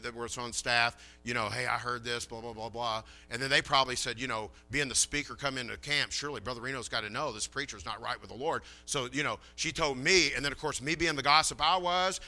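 A man's voice: medium pitch, sharp tone. A man preaching a sermon in a folksy, chatty way, telling a story and acting out the dialogue.

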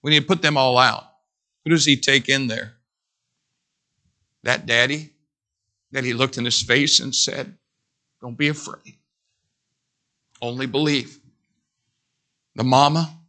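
A middle-aged man preaching a sermon, animated, breaking into whoops and joking asides. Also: mid-range voice.

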